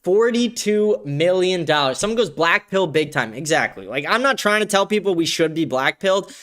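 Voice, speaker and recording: A man's voice: on the high side, animated, fairly quick, pushed and bright. A young man hosting a live stream, reacting to clips and reading chat aloud with crude, sarcastic commentary and frequent laughter.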